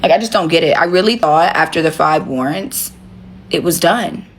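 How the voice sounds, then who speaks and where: A woman with a lower-pitched voice streams live from her phone at home, talking straight to her viewers in a blunt, profane way. A faint hiss sits behind her voice. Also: normal speed. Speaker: livestream host. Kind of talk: casual livestream chat.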